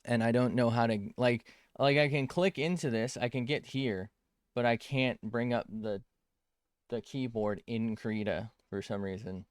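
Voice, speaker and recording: A man's voice: medium pitch, a little slow, clean tone, no echo, clean studio sound. A man chatting casually as an art streamer while drawing on a tablet, rambling, cutting himself off mid-sentence and swearing freely.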